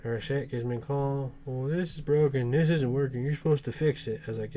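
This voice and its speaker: Rambling, cursing truck mechanic. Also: male voice, medium pitch, brisk, hardly any pauses, warm tone, slight background noise. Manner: swearing, rambling storyteller. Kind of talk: casual podcast chat.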